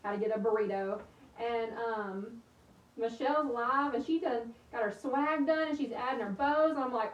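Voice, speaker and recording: A woman's voice: fairly high pitch, normal speed, muffled recording. Chatty woman crafting on a livestream. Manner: chatty, bubbly, rambling, laughs often. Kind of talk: casual livestream chat while crafting. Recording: roomy, slightly distant with faint hiss.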